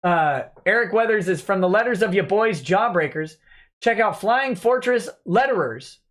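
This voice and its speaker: A man with a fairly high voice hosts a laid-back livestream at his desk mic. He reads viewer comments aloud in a chatty, offhand way and tosses quick replies back. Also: animated, a bit bright. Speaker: livestream host reading chat. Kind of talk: relaxed live-stream chat.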